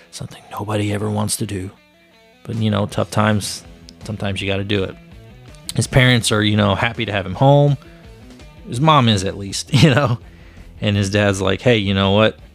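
A low-pitched man with a gravelly, fry-heavy voice talks through a comic review in a chatty, rambling way. He speaks over faint guitar music. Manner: chatty plot retelling, loose and rambling. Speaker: comic book review show host. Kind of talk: casual spoken review.

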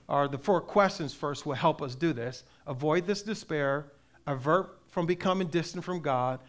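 Man, pastor, sermon, emphatic preaching, slightly high-pitched, swings from loud to soft. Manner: reads scripture aloud slowly.

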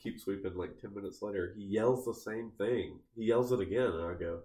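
A man with a lowish voice tells a story in loose, casual podcast chat. He rambles, restarts sentences and fills his speech with "like" and "uh." The room around him is noticeably echoey. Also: brisk, dark tone. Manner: rambling, heavy use of "like" fillers, restarts mid-sentence. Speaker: podcast co-host.

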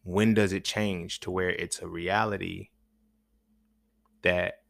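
A man's voice: deep voice, flat delivery, slow pace, gravelly, dry recording, studio quality. A man hosting a podcast, talking in a loose, rambling, profane monologue full of slang, often asking "you feel me". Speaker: podcast host. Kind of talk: casual monologue.

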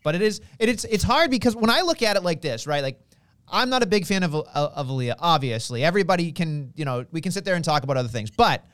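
A man's voice: on the high side, very animated, quick pace, a bit bright, dry recording. A man co-hosting a wrestling podcast, rambling and joking in a mock-indignant way. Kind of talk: casual chat.

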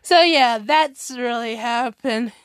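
Slow, giggly woman chatting. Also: a little high, clean tone, no echo, clean studio sound. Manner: giggly, rambling, many restarts and laughs. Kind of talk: casual vlog chat.

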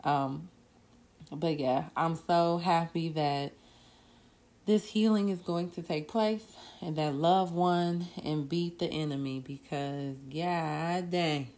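Low-voiced woman hosting a podcast. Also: darkish tone. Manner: earnest, drawn-out pauses, bursts of laughter. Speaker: podcast host. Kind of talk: casual solo podcast talk.

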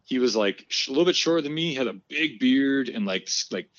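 A man from the United States chats casually, rambling through a story with constant fillers and bursts of laughter. His voice sits at a middling pitch. The sound is dry and a little muffled. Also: lively intonation, a little fast, fairly bright tone, no echo. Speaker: podcast co-host telling a story. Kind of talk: casual chat.

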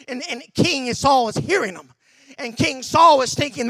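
A male pastor preaching a sermon in an emphatic style, with shouted bursts and many repeated words. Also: extremely high pitch, normal speed, no echo.

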